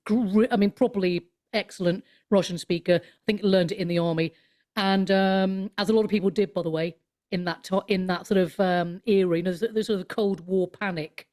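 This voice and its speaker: Animated woman telling stories. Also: medium pitch, brisk. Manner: animated storyteller, swoops up into mock voices; rambling with many restarts. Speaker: author and comedian guest. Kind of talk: casual interview chat.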